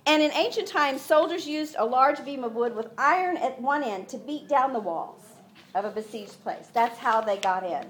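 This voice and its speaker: Female preacher, high and very animated, storytelling sermon with acted voices. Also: moderate pace, slight background noise. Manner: animated storytelling, acts out voices, laughs often.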